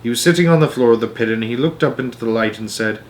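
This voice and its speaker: Storytime host, man, hushed dramatic read-aloud, mid-pitched voice. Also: fast talker. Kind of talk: reading a children's book aloud.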